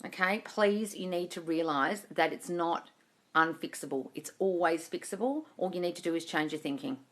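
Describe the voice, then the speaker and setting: A woman's voice: lowish voice, normal speed. A woman hosting a casual livestream Q&A as a manifesting coach, chatty and reassuring, calling viewers darling and swearing now and then. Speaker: manifesting coach answering live questions. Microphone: phone livestream.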